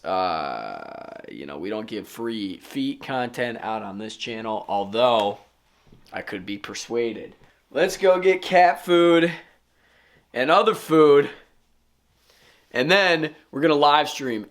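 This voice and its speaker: Laid-back man vlogging in an echoey room. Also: mid-range voice. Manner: laid-back, self-mocking, swears casually. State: out of breath. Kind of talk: casual vlog talk to camera. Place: home. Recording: echoey room with faint noise.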